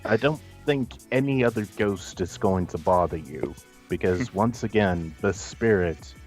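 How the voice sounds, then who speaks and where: A man narrating a tabletop game as game master in a measured, descriptive way. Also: sits low, soft background music.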